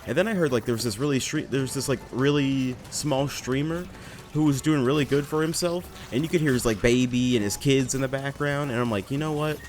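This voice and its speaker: A man's voice: medium pitch, brisk, darkish tone, a little hiss or hum. Rambling young man commenting on his gameplay. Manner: rambling, self-deprecating, swears often. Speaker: let's play gamer.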